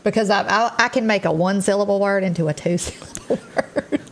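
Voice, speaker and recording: A woman's voice: medium pitch, a little fast, creaky, a little hiss or hum. A woman with a Southern country accent co-hosting a morning show, chatting conversationally and agreeing along with her partner. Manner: conversational, lots of agreeing backchannel. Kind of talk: casual news chat.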